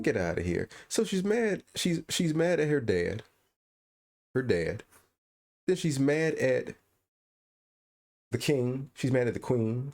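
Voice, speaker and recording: A man co-hosting a podcast in casual chat, ranting with incredulous energy. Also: mid-range voice. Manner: animated, incredulous ranting with laughs. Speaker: podcast co-host.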